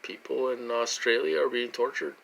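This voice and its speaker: A man with a medium-pitched, fairly even voice speaks at a moderate pace, with vocal fry and a slightly bright tone over faint background noise. He's a vlogger addressing his audience directly from his own room in a casual monologue, rambling, repeating himself, and leaning heavily on fillers.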